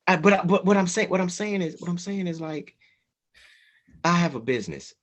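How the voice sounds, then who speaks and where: A man's voice: high voice, expressive, a little fast. A man co-hosting a casual group podcast, speaking bluntly and heatedly with heavy profanity. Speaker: podcast co-host.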